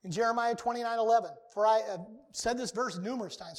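A male pastor with an extremely high voice preaches a sermon to his congregation in a church sanctuary, speaking a little fast. He's earnest and emphatic, repeating key words to give them weight.

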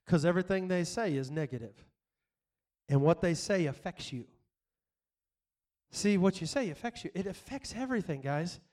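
A middle-aged pastor preaching in a loose, chatty way, asking "why?" again and again and laughing between points. His voice sits high for a man. The delivery stays personal and encouraging. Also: expressive, moderate pace, long pauses, a little mellow. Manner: conversational, repetitive rhetorical questions, laughs often. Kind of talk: sermon.

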